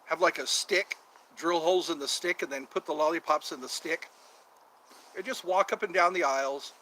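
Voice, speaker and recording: A man's voice: fairly high pitch, normal speed, bright, forceful tone, slight background noise, poor audio. A man hosting a casual outdoor stream, chatting in a meandering, jokey way and drawing out some words. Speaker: channel host. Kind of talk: rambling casual livestream chat.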